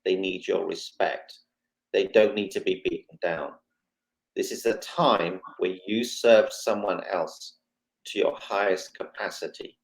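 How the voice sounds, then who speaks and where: A man, a guest on a talk show, telling a personal story with lively, dramatic retelling and quoted dialogue. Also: deep voice, a little slow, gravelly, poor audio. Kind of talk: emotional storytelling.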